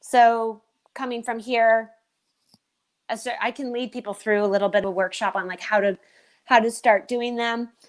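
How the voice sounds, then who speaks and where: Expressive, fairly high-voiced woman guest. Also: moderate pace. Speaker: guest, performer. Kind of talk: casual chat.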